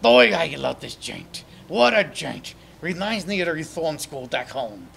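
Man doing a tough-guy puppet, gruff, brash, loud. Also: fairly high pitch, very animated, a little slow, slight background noise, full character voice.

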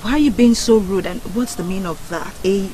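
A woman's voice: mid-range voice, a little fast, warm tone, a little hiss or hum, close to an everyday voice. An actress with a Nigerian accent playing an impatient young woman who demands to be let in at a gate. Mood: indignant. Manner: indignant, demanding.

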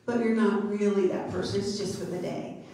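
A middle-aged woman pastor giving a children's sermon and then a sermon, playful and gentle with the kids, then measured. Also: mid-range voice, fairly even intonation. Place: church sanctuary. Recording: very echoey church from far off.

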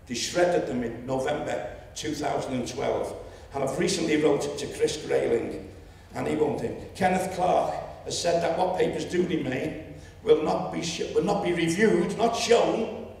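A man in his seventies with a Liverpool accent, telling a story at a public meeting and rising to loud indignation. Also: fairly high pitch, a little slow, gravelly, hardly any pauses. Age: 70s. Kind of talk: impassioned public speech. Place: lecture hall. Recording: echoey hall, distant mic.

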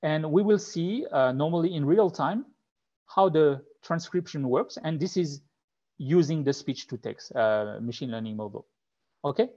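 A man's voice: fairly high pitch, animated, moderate pace, warm tone, dull audio. A man with a thick French accent presenting a live tech webinar, talking with many fillers and restarts.

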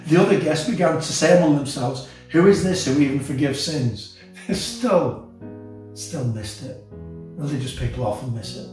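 A man preaching a sermon as senior pastor, earnest and impassioned, with soft guitar music behind him. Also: fairly high pitch, normal speed. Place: church auditorium. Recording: echoey church hall, mic at a distance.

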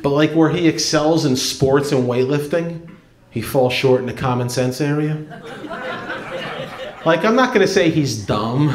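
Stand-up guy, kinda high voice, chatty, lots of "like", echoey club, crowd laughing. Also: lively intonation, measured pace, pauses often. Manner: conversational, lots of "like". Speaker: stand-up comedian. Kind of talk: stand-up routine. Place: comedy club stage.

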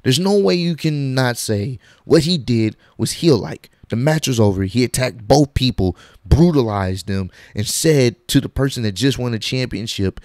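A man talking casually in an opinion vlog, animated and slangy, acting out quotes in bursts. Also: mid-range voice, normal speed, few pauses, no echo, studio quality. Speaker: wrestling commentary vlogger.

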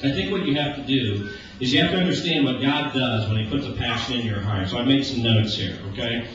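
A man in his forties preaching a casual, conversational sermon. He jokes and acts out everyday conversations in lively voices. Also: medium pitch, a little fast. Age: 40s. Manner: animated and joking, acting out everyday dialogue. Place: church sanctuary. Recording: echoey church, distant, dull lo-fi with hiss.

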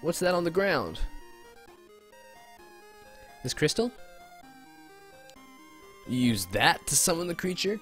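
A jumpy young game hero with a raised, lively voice, always asking what is going on, as a man puts him on. He sounds eager and a bit lost, with faint game music behind him. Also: a little high, takes it slowly, pauses often, pitched above the performer's own voice, exaggerated voice. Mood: bewildered. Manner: excited, questioning.

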